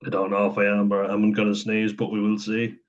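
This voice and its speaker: A man with a lowish, monotone voice talks fairly quickly on a muffled recording. He's vlogging casually to camera, reading things aloud and commenting in a rambling, candid way. He swears offhandedly and laughs often.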